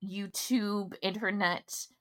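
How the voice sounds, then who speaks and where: A woman's voice: mid-range voice, fairly even intonation, takes it slowly, a bit bright. A woman in her thirties co-hosting a podcast, chatting casually in long run-on stories. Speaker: podcast co-host. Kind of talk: casual chat.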